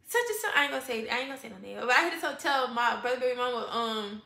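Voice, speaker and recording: A young woman, telling a profane, animated storytime and acting out quoted voices. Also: on the high side, racing, gravelly, echoey room. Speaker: vlogger.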